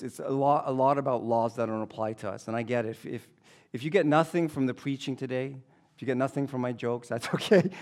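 A man preaching a sermon as pastor, reading scripture, telling jokes and repeating key phrases for emphasis. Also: mid-range voice.

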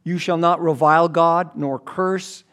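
A man's voice: on the high side, fairly even intonation, measured pace, a bit bright, smooth. A man preaching a sermon as pastor, reading scripture, telling jokes and repeating key phrases for emphasis.

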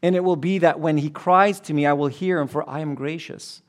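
Higher-voiced male pastor preaching. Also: fairly even intonation, brisk. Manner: reads scripture then jokes, repeats and stresses phrases. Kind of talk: sermon.

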